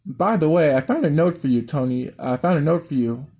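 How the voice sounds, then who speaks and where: A man's voice: fairly high pitch, expressive, fairly quick, mellow, husky. A man voicing a small, brash young woman who taunts and swears, in an amateur story reading. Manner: crude, taunting.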